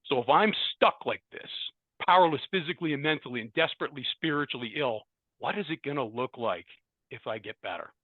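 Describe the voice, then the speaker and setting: A man's voice: medium pitch, animated, a little fast, no room sound. A man giving a personal share at a recovery meeting, speaking emphatically and hammering on repeated words as he addresses the room. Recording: tinny phone-like dry sound.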